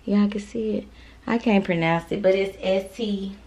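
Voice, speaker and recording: A woman's voice: mid-range voice, fairly even intonation, moderate pace, a little mellow, echoey room, recorded from a distance. A woman with a sore throat chatting playfully with her viewers as a beauty vlogger, teasing and joking as she goes. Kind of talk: casual chat to viewers.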